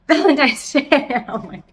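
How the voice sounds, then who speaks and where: A woman chatting casually as a plant vlogger, talking loudly, giggling, swearing and talking to her plants at home. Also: sits high, sing-song, slow. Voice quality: loud, close to yelling. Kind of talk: casual chat. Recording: echoey room with faint background noise.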